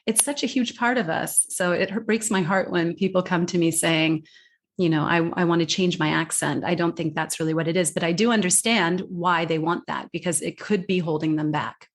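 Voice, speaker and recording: A woman who works as a communication coach, talking in an interview quickly and emphatically, often restarting words and voicing what her clients say. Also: lowish voice. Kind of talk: interview conversation.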